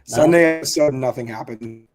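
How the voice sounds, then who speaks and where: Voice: medium pitch, normal speed, darkish tone. A podcast co-host in casual chat, emphatic and repeating key words for stress.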